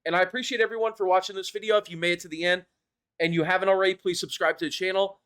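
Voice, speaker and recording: Young guy picking apart his own fighting game match, kinda high voice, rambly and hard on himself. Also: fairly even intonation, rapid-fire, fairly bright tone, clear, resonant tone. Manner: self-critical, rambling, swears and laughs at himself. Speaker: gaming YouTuber reviewing his own tournament match. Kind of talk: casual commentary over gameplay footage.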